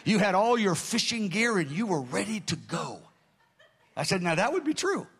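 A pastor telling a story from the pulpit, acting out the voices of the people in it, dropping to a near-hush at times and crying out at others. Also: male voice, high-pitched, moderate pace, husky. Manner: animated storytelling, acting out quotes with dramatic shifts in loudness. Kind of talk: sermon storytelling.

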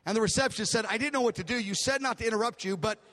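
A man's voice: high voice, very fast, pushed and bright. An older man preaching a sermon, telling a story with emotion and acting out the dialogue in a large hall. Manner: emotional, dramatic retelling with acted-out dialogue. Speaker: pastor. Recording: long reverb of a large hall.

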